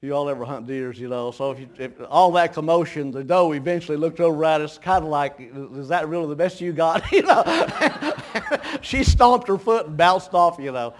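A man's voice: on the high side, animated, moderate pace. A man preaching a folksy sermon, telling homespun stories, chuckling often and stumbling over repeated words.

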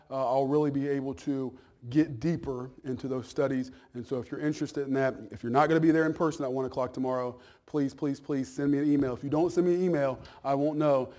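In church, a male pastor gives a sermon and announces Bible classes in a warm voice pitched in the middle range. He talks in a homey, chatty way, repeating words and checking in with the congregation.

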